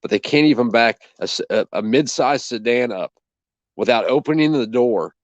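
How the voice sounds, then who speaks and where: A man's voice: medium pitch, normal speed, no echo. A man hosting a casual chat, telling an indignant, profane story and acting out both sides of the conversation. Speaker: channel host. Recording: dull dry lo-fi sound.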